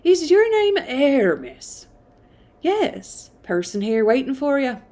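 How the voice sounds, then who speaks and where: A woman's voice: high voice, big pitch swings, takes it slowly, dark tone, voice pushed up, full character voice. A woman putting on a polite male inn waiter.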